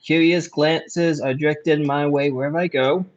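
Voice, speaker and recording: A man playing a tabletop game, explaining his moves with pauses and restarts. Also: fairly high pitch, steady tone, lo-fi sound. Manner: hesitant, with fillers and restarts. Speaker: player. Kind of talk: casual tabletop game play.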